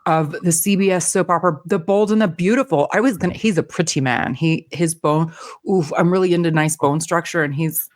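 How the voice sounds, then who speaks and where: A woman's voice: on the low side, fairly quick. A woman co-hosting a casual podcast, reading out listener comments in a playful way. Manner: playful, laughs easily. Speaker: podcast co-host.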